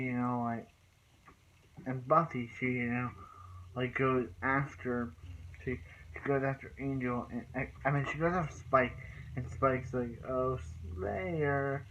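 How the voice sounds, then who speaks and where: A man's voice: mid-range voice, fairly bright tone, a little hiss or hum. A man in the middle of his range rambles through an episode recap, tripping over restarts and fillers. He breaks into exasperated bursts now and then. The audio sounds slightly dull and lo-fi. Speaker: TV episode reviewer. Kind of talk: casual rambling recap and review.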